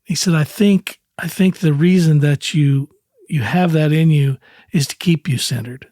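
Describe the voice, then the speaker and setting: A man's voice: fairly high pitch, moderate pace, no room sound. Laid-back man telling stories, dry sound. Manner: relaxed, rambling anecdotes with quoted dialogue and chuckles. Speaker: guest, country singer. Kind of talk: casual storytelling in an interview.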